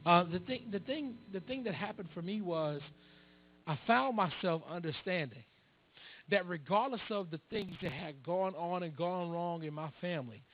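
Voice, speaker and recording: A man's voice: high-pitched, lively intonation, moderate pace, highs cut off. A man preaching a storytelling sermon, talking casually and with humor to his congregation in a church. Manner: conversational, humorous, addressing the congregation. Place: church sanctuary. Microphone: handheld or stand microphone.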